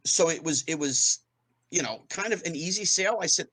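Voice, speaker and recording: Guy in his 50s telling a wild story, fairly high voice, acts out every quote. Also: fairly bright tone, no room sound. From New Jersey, US. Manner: fast storytelling with acted-out quotes, rising pitch on punchlines. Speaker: guest, former child actor. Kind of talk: animated anecdote telling.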